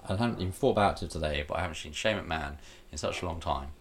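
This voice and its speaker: Blunt guy on a podcast, really deep gravelly voice. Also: very fast, slight background noise. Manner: opinionated, animated, blunt. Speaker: podcast co-host. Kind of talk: casual wrestling chat.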